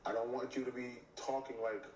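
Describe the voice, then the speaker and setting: A man tells a story in a lively way, voicing both himself and the other person and saying "I was like" again and again. His voice is in the middle range and sounds roomy and a little distant. A faint hum of the room sits under the recording. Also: mid-range voice, a little fast. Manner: acts out both sides of the dialogue, often repeating "I was like". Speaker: reality TV cast member telling a story. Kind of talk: animated storytelling. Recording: echoey room, mic at a distance, faint ambience.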